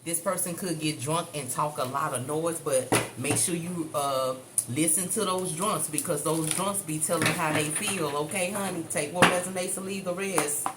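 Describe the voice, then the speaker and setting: A woman's voice: low-pitched, moderate pace, few pauses. A woman giving a chatty, blunt tarot reading, swearing freely and calling her listeners baby and honey. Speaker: tarot reader. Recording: echoey room with faint ambient noise.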